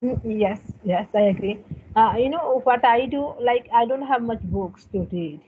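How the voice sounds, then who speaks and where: Halting woman on a tinny line. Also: a little high. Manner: halting, many fillers and repeated words. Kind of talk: casual conversation practice. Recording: tinny phone line with faint noise.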